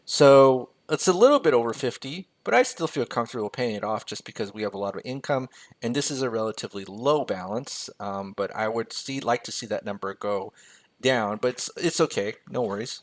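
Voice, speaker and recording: An American-raised man mentoring on personal finance, walking through a spreadsheet in a loose, joking way and reading numbers aloud as he types them. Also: lowish voice. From United States. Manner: casual and jokey, reading figures aloud as he types. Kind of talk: screen-share spreadsheet tutorial.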